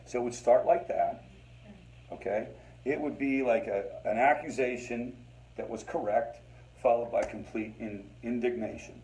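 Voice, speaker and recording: A man's voice: mid-range voice, normal speed, a little mellow, poor audio. A man leading a family recovery group, talking conversationally to the room, repeating phrases for emphasis and calling his listeners "guys.". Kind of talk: informal teaching talk to a support group.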